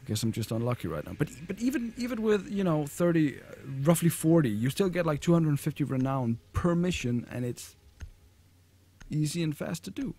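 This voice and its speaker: A man giving casual, rambling commentary over his own gameplay, relaxed and full of fillers. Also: a little high, a little fast. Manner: laid-back, rambling, with fillers. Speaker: gamer commentator.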